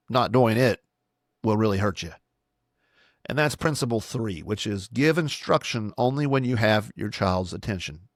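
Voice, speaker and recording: A man's voice: medium pitch, dry recording, studio quality. A middle-aged man, a pastor hosting a solo podcast, teaching in an earnest, instructive way and sometimes acting out sample commands to children.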